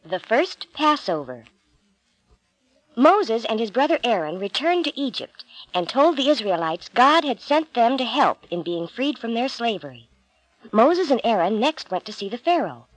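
Calm woman reading a Bible story. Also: on the high side, normal speed, no echo, poor audio.

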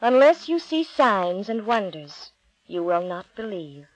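A woman reading a solemn, measured Jesus. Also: mid-range voice, sing-song, dry recording, poor audio. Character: calm, authoritative Jesus, adult man.

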